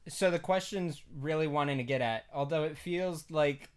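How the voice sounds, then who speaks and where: A young man with a slightly high voice chats on a podcast as a co-host. He jokes around and giggles his way through the talk, playful and loose. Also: normal speed, clear, resonant tone. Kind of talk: casual chat.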